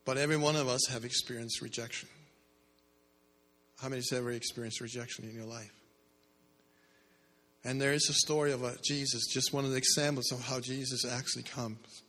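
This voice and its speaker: A male preacher gives a sermon in an echoey church hall, asking the congregation "how many" questions and building in bursts. His mid-range voice stays steady and sounds pushed and bright; he speaks briskly but leaves long pauses.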